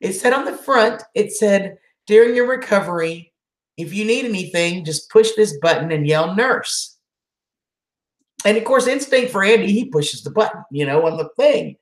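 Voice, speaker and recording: A woman's voice: medium pitch, expressive, moderate pace, echoey room. A woman hosting a casual live chat, emotional as she answers viewer comments. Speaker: channel host doing a live chat.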